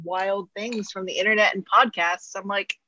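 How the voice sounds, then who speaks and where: A married woman joking dryly on a podcast, often trailing off softly. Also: mid-range voice, fairly even intonation, moderate pace, lo-fi sound. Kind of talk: casual podcast chat.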